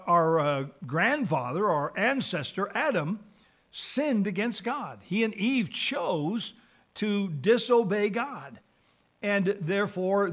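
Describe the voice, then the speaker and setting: High-voiced man teaching from scripture. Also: a bit bright. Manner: reads scripture aloud slowly, then explains in plain words; repeats words for emphasis, with small restarts. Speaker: Bible teacher. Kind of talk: evangelism training lesson.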